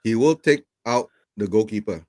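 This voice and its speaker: Relaxed low-voiced man chatting. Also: normal speed. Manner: relaxed, chatty, laughs easily. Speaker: guest co-watcher. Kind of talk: casual chat over video call.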